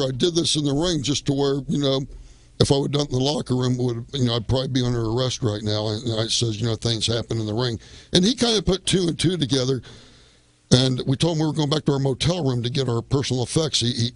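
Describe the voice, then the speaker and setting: A man of middle pitch tells a story as a radio guest, rambling along and looping back with "well, anyway". The sound is dry and close, with no room around it. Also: no room sound. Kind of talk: casual storytelling.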